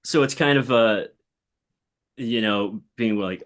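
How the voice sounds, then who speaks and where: Low-voiced man asking hesitant questions. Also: takes it slowly, a bit bright. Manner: hesitant, searching questions with restarts. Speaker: podcast host. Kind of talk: conversational interview.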